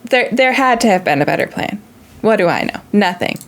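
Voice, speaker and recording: A woman's voice: medium pitch, expressive, a little fast. A woman hosting a reaction video, talking casually in an earnest, emotional way and thinking aloud.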